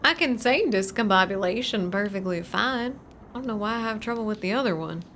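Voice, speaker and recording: A woman's voice: medium pitch, animated, fairly quick, fairly bright tone, a little hiss or hum. A woman from Texas with a Texan accent, reading a horror story on a live stream, chatty and laughing, tripping over hard words and repeating them.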